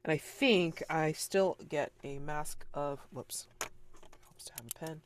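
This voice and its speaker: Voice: mid-range voice, slow pace, a little hiss or hum. A game master wrapping up a tabletop role-playing session, talking in a rambling, enthusiastic way with many fillers.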